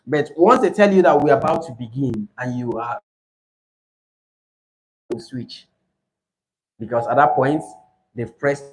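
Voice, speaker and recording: A man teaching an IELTS speaking class, animated and emphatic, often checking in with "right?". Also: medium pitch, slight background noise, low-quality recording. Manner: animated, rising to emphatic points, asks "right?". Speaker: IELTS tutor.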